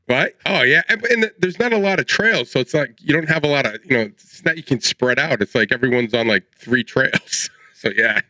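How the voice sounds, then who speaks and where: Guy in his 40s rambling on a podcast, bright voice, dry close mic. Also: medium pitch, moderate pace, few pauses, dry recording, rough recording. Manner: rambling storyteller, laughs mid-sentence. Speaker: podcast co-host. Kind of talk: casual chat.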